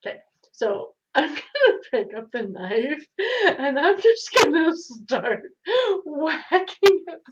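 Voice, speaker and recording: A high-voiced woman takes her turn in a tabletop game, laughing often and sounding incredulous. She speaks slowly, and the audio sounds dull and lo-fi. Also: very animated. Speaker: player.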